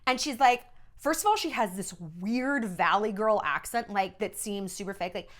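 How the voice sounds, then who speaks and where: A woman's voice: mid-range voice, normal speed, a bit bright. A woman in her thirties, a former entertainment journalist, telling stories in a casual, sarcastic and profane rant. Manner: sarcastic, profane, mimics people in exaggerated voices.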